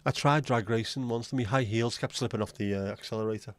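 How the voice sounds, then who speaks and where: A man's voice: mid-range voice, fairly even intonation, quick pace, very noisy. A man hosting a livestream, chatting casually and rambling from one joke to the next as he addresses his viewers. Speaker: livestream host.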